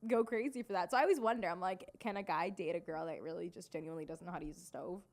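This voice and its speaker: A young woman co-hosting a podcast in casual chat, animated and laughing often. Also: on the low side, racing. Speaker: podcast co-host.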